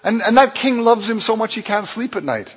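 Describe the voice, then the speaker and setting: A man pastor preaching a sermon, telling a Bible story with lively acted-out dialogue. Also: fairly quick, breathy edge. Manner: animated storytelling, acts out dialogue with swings in pitch and loudness. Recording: long hall reverb.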